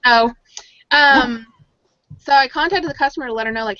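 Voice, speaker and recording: Chatty bright-voiced woman storyteller. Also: high-pitched, moderate pace, no echo. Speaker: podcast co-host. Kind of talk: casual chat. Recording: dull lo-fi audio.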